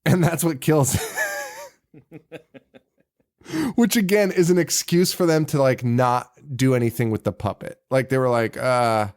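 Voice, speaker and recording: A man's voice: a little high, animated, slow pace, pauses often, darkish tone. Rambling, laughing male podcast co-host. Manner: laughs often, rambling with fillers and restarts. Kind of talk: casual chat reviewing a horror movie.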